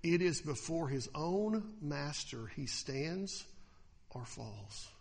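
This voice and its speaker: A man preaching a sermon as pastor, animated, slipping into mocking voices to act out the attitudes he describes. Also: on the high side, slow, vocal fry, long reverb tail.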